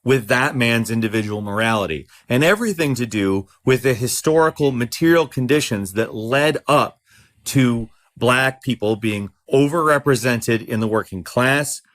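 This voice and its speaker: A man's voice: mid-range voice, moderate pace, fairly bright tone. A man co-hosting a podcast, arguing his political points in a heated, emphatic way. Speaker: podcast co-host. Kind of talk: casual political discussion.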